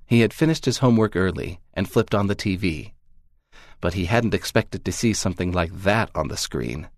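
Male storyteller, low voice, calm measured reading, dry booth sound. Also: no echo. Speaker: story narrator. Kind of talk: scripted narration of a magazine story.

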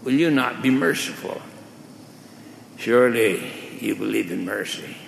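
A preacher with a gravelly voice playing a desperate male debtor who begs for mercy, in an echoey hall. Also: mid-range voice, animated, a little slow, slight background noise. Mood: pleading. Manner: pleading.

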